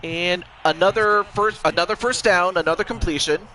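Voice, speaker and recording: A man doing casual play-by-play commentary on a video game football match, excitable and rambling, with quick exclamations. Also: sits high, poor audio. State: has the hiccups.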